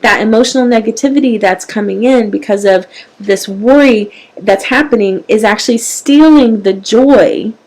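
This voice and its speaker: A woman's voice: on the high side, moderate pace, low-quality recording. Earnest woman coaching parents. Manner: earnest, animated coaching with plain talk. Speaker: parenting show host. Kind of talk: live-streamed motivational talk.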